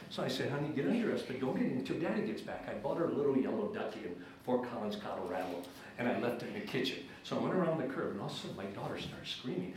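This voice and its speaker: A man giving a church seminar talk, telling stories with animated, emphatic swings into high excited tones. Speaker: guest speaker at church seminars. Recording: very echoey hall with faint room noise.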